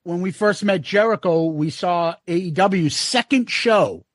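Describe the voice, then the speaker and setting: Excitable male podcast host, high bright voice, dry close sound. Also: measured pace, no room sound. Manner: excitable, acts out quoted people. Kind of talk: casual podcast chat.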